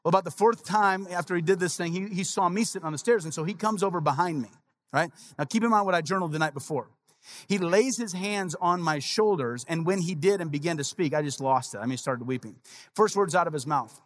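A man's voice: fairly high pitch, a little fast. Conversational male pastor preaching. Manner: conversational storytelling, frequent "right?" asides. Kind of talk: sermon.

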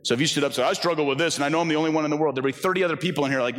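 A pastor in his forties preaching a conversational, animated sermon in a church, often acting out the voices he quotes. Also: fairly high pitch, racing, in a large hall. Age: 40s.

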